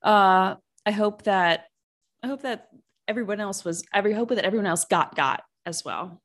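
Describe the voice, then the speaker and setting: A woman co-hosts a podcast in easygoing chat. She sounds amused and laughs often. Her voice sits at an ordinary pitch for a woman. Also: moderate pace. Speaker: podcast co-host. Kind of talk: casual chat.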